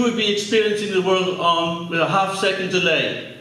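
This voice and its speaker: An Irish man with a fairly high voice delivers a lecture to a live audience, chatty and joking with the crowd. He is heard from a distance in a very echoey hall, with faint room noise behind him. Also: normal speed, sharp tone. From Ireland. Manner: conversational, jokey asides with audience. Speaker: speaker giving a public talk.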